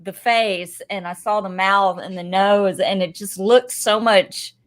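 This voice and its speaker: A woman's voice: mid-range voice, fairly even intonation, a little slow. A woman in her thirties chatting on a podcast, tearful and rambling as she tells a personal story. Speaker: podcast guest. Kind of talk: casual chat. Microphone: desk microphone.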